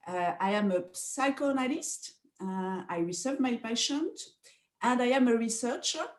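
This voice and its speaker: A woman with a French accent speaks slowly and haltingly, filling pauses with "uh" and breaking into small laughs. Her voice sits in a roomy, echoey space. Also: on the high side. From France. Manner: hesitant, many fillers, soft laughs. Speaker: guest psychoanalyst and researcher. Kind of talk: interview answers in English.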